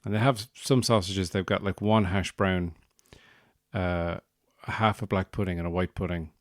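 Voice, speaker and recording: A man's voice: low-pitched, steady tone, moderate pace, no echo, studio quality. An Irish man hosting a podcast, telling a rambling, wry comic story with self-mocking asides. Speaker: podcast host.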